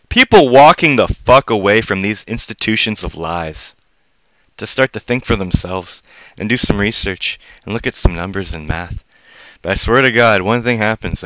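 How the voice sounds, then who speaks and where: Live-stream host, male, sharp bright tone, furious profane ranting that dips into low muttering. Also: no room sound, low-quality recording. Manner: angry, swearing heavily, swinging from loud outbursts to low mutters. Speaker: livestream host.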